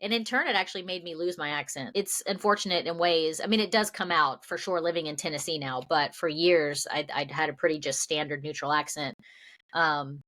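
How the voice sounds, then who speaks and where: A woman's voice: low voice, brisk, bright, forceful tone. A woman from the American South, an actress guest, talking earnestly and reflectively with many fillers. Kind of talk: casual interview chat.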